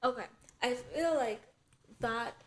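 A woman's voice: on the high side, takes it slowly. A young woman co-hosting a casual podcast chat, talking loosely with lots of "like" fillers and thinking aloud. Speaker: podcast co-host.

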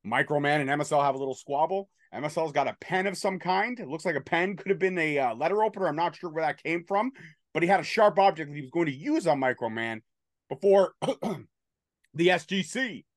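A man's voice: fairly high pitch, expressive, brisk, no room sound. Man, host, casual chat, profane banter, play-by-play recap, dry close sound. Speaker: podcast host recapping wrestling.

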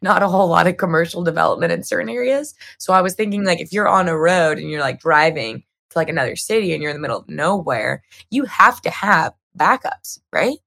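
Young female podcast co-host; low, gravelly voice, upbeat and chatty. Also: expressive, brisk, few pauses, fairly bright tone. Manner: upbeat, chatty, many "like" fillers. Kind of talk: casual podcast chat.

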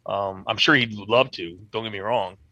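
A man's voice: lowish voice, normal speed, sharp tone, dry recording. A man talking as a guest in casual podcast chat, earnest and loose, with lots of fillers and the odd swear word.

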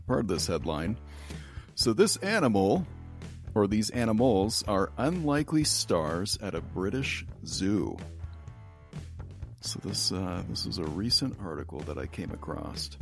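A man's voice: on the low side, very animated, measured pace, gravelly, soft background music. A man hosting a casual podcast chat, reading out headlines and joking with his co-hosts, laughing often. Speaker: podcast host.

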